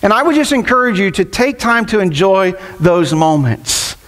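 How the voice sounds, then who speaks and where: A man's voice: high-pitched, sing-song, moderate pace, fairly bright tone. A middle-aged man preaching a sermon as pastor, telling family stories in a conversational way and laughing often.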